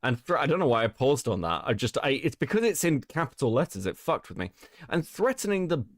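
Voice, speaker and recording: A man's voice: mid-range voice, fast, no echo, studio quality. A British man hosting a commentary stream, reading documents aloud with sarcastic, profane asides. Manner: sarcastic, swearing, animated, laughing asides.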